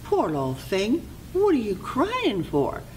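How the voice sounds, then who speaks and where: A storyteller voicing a kindly magic old woman who speaks slowly and gently in a raised voice. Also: medium pitch, huge pitch swings, slight background noise, voice pushed up. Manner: slow, gentle and soothing.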